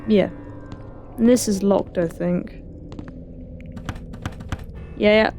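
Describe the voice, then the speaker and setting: A woman's voice: on the high side, lively intonation, takes it slowly, pauses often, dark tone, slight background noise. A woman giving casual gameplay commentary, reading in-game text aloud and adding wry, sarcastic asides to herself. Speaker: let's play gamer.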